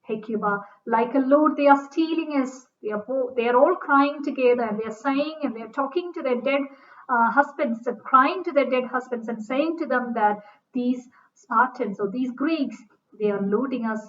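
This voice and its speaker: A woman's voice: sits high, moderate pace, a bit bright. A woman giving a literature lecture, reading lines from a play aloud and then explaining them in plain words, with fillers and restarts. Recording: dull distant recording.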